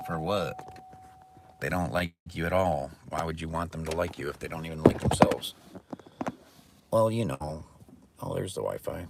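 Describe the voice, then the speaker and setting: A man's voice: extremely low pitch, animated, moderate pace, gravelly, long pauses, very noisy. A man livestreaming a casual, profane rant, talking bluntly and mockingly. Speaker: live streamer. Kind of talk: casual ranting monologue. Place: indoors near a mirror.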